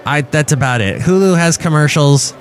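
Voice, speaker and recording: Podcast host, male, animated pitch, rambling comic monologue over faint music. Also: normal speed. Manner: rambling storyteller with a lively, bouncing delivery and many restarts. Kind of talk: casual comedic monologue.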